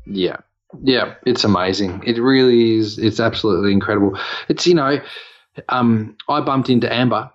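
A man's voice: fairly low pitch, moderate pace, muffled recording. A man with an Australian accent, casually telling a long personal story on a podcast, rambling with fillers and restarts. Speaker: podcast co-host.

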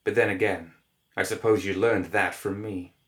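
A cruel old plague demon taunts his foes, voiced by a man reading aloud. His tone is low and mocking, gloating with every word. It suits a dark storybook villain. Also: steady tone, normal speed, lightly acted.

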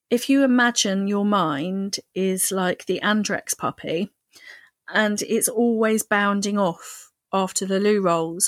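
A woman's voice: medium pitch, no echo. A woman co-hosting a podcast, chatting casually and animatedly, with playful voices for quoted thoughts. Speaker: podcast co-host. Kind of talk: casual chat.

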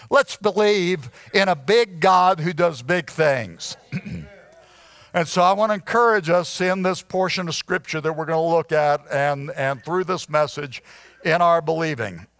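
A pastor preaching an evening sermon in church, often clearing his throat and restarting his sentences. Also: high-pitched, a bit bright, dry recording.

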